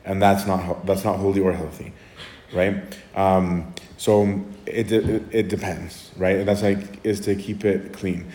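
Low-voiced priest in an echoey room. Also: male voice, level tone, measured pace, dark tone. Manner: conversational, often adds "right?" and restarts. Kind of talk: casual Q&A talk.

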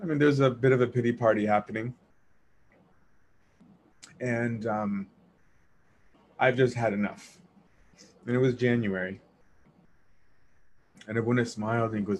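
A man's voice: mid-range voice, slight background noise. Man, mid-range voice, casual storyteller: earnest, self-mocking, restarts sentences mid-thought. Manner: earnest, self-deprecating, quick asides and restarts. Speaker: speaker sharing a personal faith story.

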